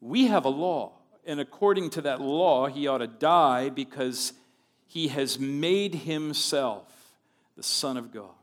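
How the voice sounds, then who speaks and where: Brief: pressing, hostile accusers, voiced by a man, raised voice, drawn-out words. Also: mid-range voice, close to an everyday voice. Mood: demanding. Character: hostile male crowd of accusers, demanding.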